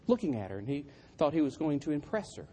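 A man's voice: a little high, very animated, quick pace, warm tone, husky. A man preaching a sermon through humorous, self-deprecating storytelling.

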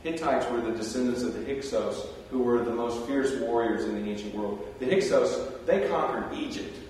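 A man delivers a sermon in a loose, conversational storytelling manner, tossing in animated asides. His voice rings through a large, echoing hall with a long tail of reverb. The mic sits well back from him. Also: mid-range voice, moderate pace, a little hiss or hum. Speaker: preacher. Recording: roomy hall, distant mic.

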